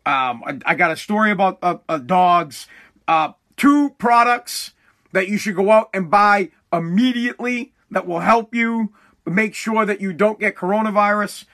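A young man hosts his own podcast alone, telling stories in a loose, rambling stream full of swearing and false starts. His voice sits high for a man and sounds bright and forward. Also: moderate pace. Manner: rambling, profane, restarts often. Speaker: podcast host. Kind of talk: casual solo podcast monologue.

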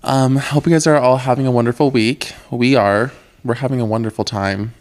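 A young man co-hosts a casual chat podcast, airing playful grievances with mock drama. He talks at a middling pitch and leans on "like" as he goes. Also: steady tone, brisk, darkish tone. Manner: chatty, dramatic complaints, lots of "like". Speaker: podcast co-host.

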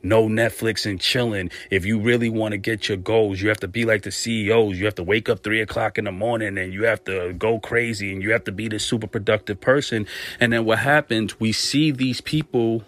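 A man's voice: fairly low pitch, fairly even intonation, fairly quick, fairly bright tone. Earnest man giving a motivational talk. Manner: earnest, preachy, direct address; repeats phrases for emphasis. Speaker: self-help speaker. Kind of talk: motivational monologue.

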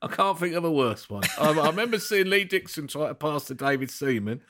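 A man's voice: fairly high pitch, lively intonation, a little fast, fairly bright tone. A man co-hosting a football podcast, ranting in exasperated casual chat.

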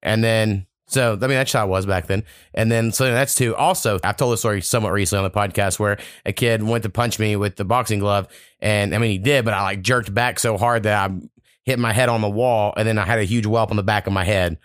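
A man's voice: on the low side, fairly even intonation, fairly quick, a bit bright, clear, resonant tone, dry recording, studio quality. A young man, hosting a casual podcast and telling long, profane, rambling stories. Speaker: podcast host.

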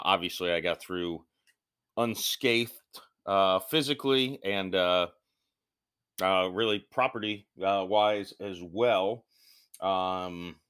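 Deep-voiced man hosting a podcast. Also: a bit bright, clean tone. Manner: rambling, loose and self-deprecating. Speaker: podcast host. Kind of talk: casual solo podcast intro.

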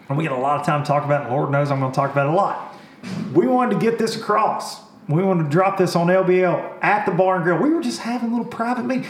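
A man hosting a laid-back fishing talk show. His voice sits a little high, and he talks with animated, joking energy. The sound bounces around an echoey room. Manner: animated, laughing, folksy swearing. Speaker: podcast host. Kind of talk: casual chat.

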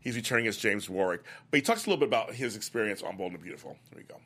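A man hosting a soap opera after-show, excitedly recapping the week's episodes in a gossipy, chatty way and acting out the characters' lines. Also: lowish voice, rapid-fire, breathy edge.

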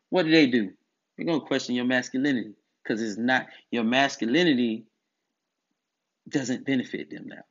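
Speaking at a moderate pace in a medium-pitched voice, a commentator on masculinity addresses the camera in a monologue. He is emphatic and preachy, circling back to repeat his points, and the audio is dull and lo-fi.

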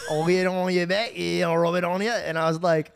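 A young man hosts a casual podcast, rambling through a story full of restarts and bursts of laughter. His voice sits a little high for a man, and he sounds tired from a night without sleep. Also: level tone, fairly quick, vocal fry, clean tone. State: running on no sleep. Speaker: podcast host.

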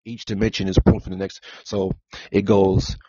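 Man, very deep voice, monotone, husky, rambling and repetitive, dull lo-fi podcast sound. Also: normal speed, dry recording. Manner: repetitive, circling back with "again". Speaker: podcast host. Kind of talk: spiritual talk monologue.

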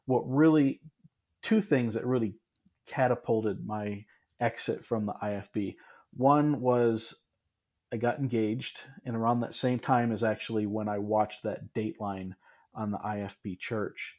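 A man's voice: on the low side, fairly even intonation, a little slow, darkish tone. A man in his thirties from Michigan, speaking as a podcast guest. He tells his story in a casual, reflective way. He often restarts and adds asides as he goes. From Michigan, USA.

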